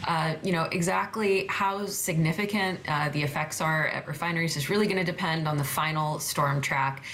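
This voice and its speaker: Female weather reporter, low voice, halting delivery, faint hiss behind her. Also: a bit bright. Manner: hesitant, lots of fillers and restarts. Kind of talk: interview answers.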